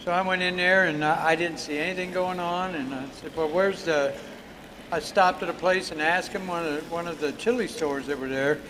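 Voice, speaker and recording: An older man with a notably high voice tells a long, rambling story. He talks casually, with plenty of pauses and fillers. Faint noise hangs in the background of the outdoor stage. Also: fairly even intonation, fairly bright tone, rough recording. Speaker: guest storyteller. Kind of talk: casual anecdote.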